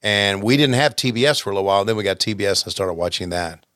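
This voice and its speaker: A man's voice: on the low side, quick pace, fairly bright tone, no room sound, studio quality. A man in his fifties co-hosting a casual chat and reminiscing in an easygoing way. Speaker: podcast co-host.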